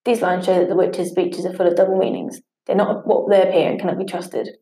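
Low, gravelly woman reading a lesson. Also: steady tone, a little fast, warm tone. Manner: reads steadily from a script, stumbling and restarting on harder words. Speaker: teacher. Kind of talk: scripted study narration. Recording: echoey room.

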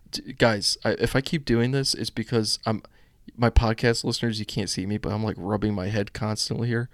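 A man's voice: on the low side, fairly even intonation, a little fast, no room sound, studio quality. A young man from the United States hosting a casual political live stream, reading news aloud with rambling chatty asides.

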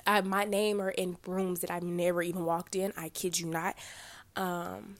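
A woman's voice: lowish voice, little pitch movement, normal speed. Chatty teenage girl podcasting. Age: teens. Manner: chatty, lots of fillers and self-corrections. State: congested. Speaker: podcast host. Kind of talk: casual podcast monologue.

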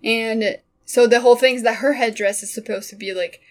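A woman's voice: on the high side, a little fast. A young woman co-hosting a podcast, casually retelling a movie plot and acting out the characters' lines. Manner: animated storytelling, acts out characters' lines. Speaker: podcast co-host.

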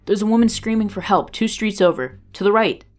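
A woman's voice: mid-range voice, fairly quick, a little mellow, pitched above the performer's own voice, natural voice. A woman reading the part of a faithful dragon who speaks with urgent concern. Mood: anxious urgent. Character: loyal dragon speaking in the mind.

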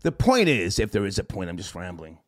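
A man hosting a call-in show, telling a rambling story in a casual, profane, animated way and laughing as he goes. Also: sits low, a little fast.

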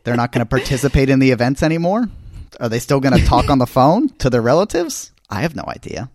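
A man's voice: medium pitch, big pitch swings, fast, darkish tone, no room sound, studio quality. Wry man in a casual chat. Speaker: podcast co-host.

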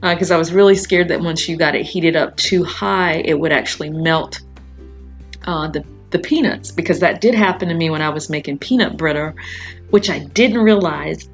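A woman's voice: low-pitched, normal speed, faint music behind. A woman hosting her own podcast, chatting casually and rambling, with frequent fillers and laughs. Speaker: podcast host. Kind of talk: casual solo podcast chat.

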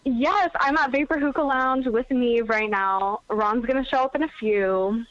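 A woman's voice: a little high, moderate pace, no room sound. Bubbly tipsy woman on a phone line. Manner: bubbly, slangy. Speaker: caller. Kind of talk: casual phone call-in. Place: hookah lounge.

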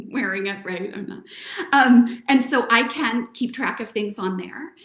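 A woman with a fairly high voice gives an encouraging motivational talk, speaking warmly to her listeners as friends. Her voice rings with the echo of a live room. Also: measured pace. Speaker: host. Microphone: recorded to camera.

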